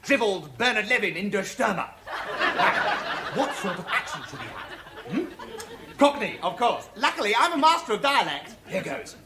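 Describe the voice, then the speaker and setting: An actor with a British accent playing a vain, pompous out-of-work actor in a studio sitcom, talking in a theatrical, self-dramatizing way, with audience laughter. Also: male voice, sits high, very animated, normal speed, background noise. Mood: grandiose. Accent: British English.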